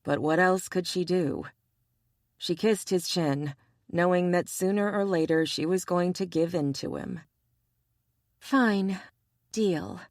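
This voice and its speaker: A woman narrating an audiobook romance in a measured, even reading style. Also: lowish voice, dry recording, clean studio sound. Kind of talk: scripted narration.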